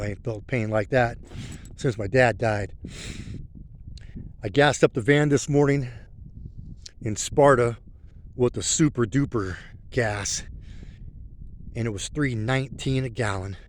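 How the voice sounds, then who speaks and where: A man's voice: mid-range voice, a little slow, pauses often, a little hiss or hum. A middle-aged man, talking in a rambling, heartfelt way while out on a country road. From rural country background. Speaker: motorcycle vlogger. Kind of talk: casual spoken vlog while riding.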